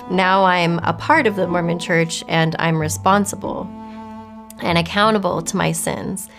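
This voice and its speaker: A woman sharing her faith testimony in a candid, reflective way. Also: on the low side. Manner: reflective, candid, with soft laughs. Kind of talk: personal storytelling. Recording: faint music underneath.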